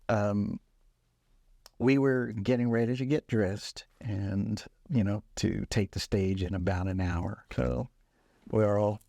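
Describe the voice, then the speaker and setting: An older man, a musician, telling stories from his career in a relaxed, laughing way on a podcast. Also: fairly low pitch, no room sound, clean studio sound. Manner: relaxed, laughing storyteller, acts out quoted voices. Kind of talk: casual storytelling chat.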